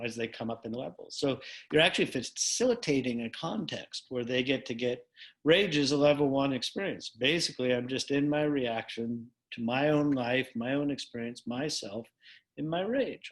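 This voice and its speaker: A middle-aged man teaching a coaching method in casual conversation, playful and acting out both sides of short dialogues. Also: mid-range voice.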